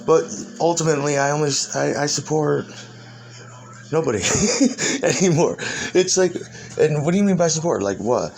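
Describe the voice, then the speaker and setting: Riffing an improvised monologue as an ancient demon, a man with a fairly high, darkish, fry-tinged voice talks at a normal speed. He swears nonstop, laughs between phrases, and keeps restarting sentences or letting them trail off.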